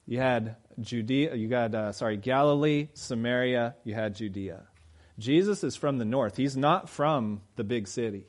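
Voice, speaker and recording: A man delivers a sermon in a relaxed, conversational way, with a voice a little above the usual male pitch. He chuckles at his own asides and builds to loud, emphatic peaks before dropping back to a quiet, earnest tone. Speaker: pastor.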